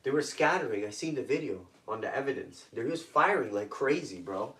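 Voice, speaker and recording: A man's voice: medium pitch, lively intonation, a little fast, fairly bright tone, recorded from a distance. A man from Toronto telling intense personal stories as a guest, in blunt, profane street talk. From Toronto, Canada. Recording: echoey room, voice off-mic.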